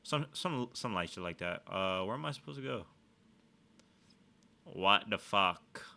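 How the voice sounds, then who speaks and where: Excitable, foul-mouthed gamer guy. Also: lowish voice, a little slow, creaky. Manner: profane, excitable trash talk. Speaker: gaming streamer. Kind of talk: let's-play commentary.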